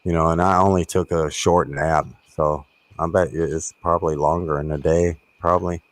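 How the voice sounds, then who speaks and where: A man's voice: low voice, steady tone, moderate pace, no echo. A man from Kentucky and Florida hosting a casual live stream chat, laughing often and telling stories with animation. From born in Kentucky, raised in Florida. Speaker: host.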